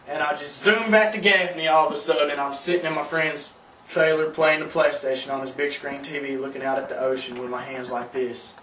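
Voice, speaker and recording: A young Southern man casually telling a profane, animated story to friends, laughing often and yelping through his quoted outbursts, recorded from far off in an echoey room. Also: on the high side. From South Carolina, US. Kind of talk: casual anecdote among friends. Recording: echoey room, mic from far off, faint noise.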